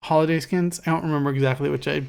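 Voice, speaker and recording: Low-voiced chatty woman co-host. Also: fairly even intonation, gravelly, a little mellow, clean tone. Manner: chatty, laughs often, quick asides. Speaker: podcast co-host. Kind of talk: casual chat.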